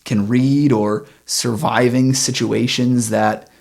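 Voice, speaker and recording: A man co-hosting a church podcast, reading Bible passages aloud and retelling them in relaxed modern slang. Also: medium pitch, slow pace, creaky. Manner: relaxed, paraphrases the story in modern slang with chuckles. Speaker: podcast co-host. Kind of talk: casual Bible discussion, reading scripture aloud.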